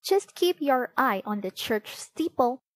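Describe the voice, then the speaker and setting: A woman's voice: high voice, lively intonation, a little slow, no echo, pitched above the performer's own voice. Cheerful helpful little girl, as a woman reads her.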